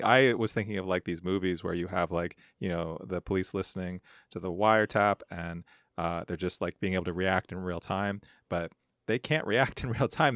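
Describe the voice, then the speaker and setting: A man's voice: sits low, fairly bright tone, no room sound, clean studio sound. A man co-hosting a podcast, walking through his thoughts on a crime series in a rambling, thoughtful way. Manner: thoughtful, rambling, hedging with "like" and "right?". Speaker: podcast co-host. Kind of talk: casual recap chat.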